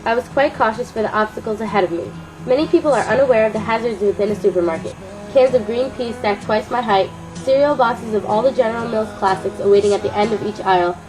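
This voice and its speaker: A young woman reads her memoir aloud in a steady, careful voice at an ordinary mid-range pitch. Her scripted narration sits over clearly audible background music. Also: low-quality recording. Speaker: student reading her memoir.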